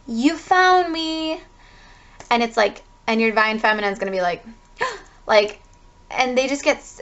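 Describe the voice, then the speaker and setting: A woman's voice: mid-range voice, dull audio. A woman giving a casual spiritual tarot reading, rambling with lots of "like" and the odd swear word. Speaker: tarot reader.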